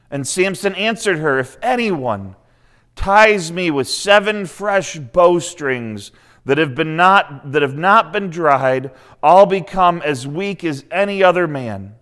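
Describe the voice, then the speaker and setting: A man preaching a sermon in a slightly higher-than-usual voice. His tone is smooth and resonant, and he retells the story casually, breaking off for his own comments. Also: a bit bright. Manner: conversational, retells scripture with asides.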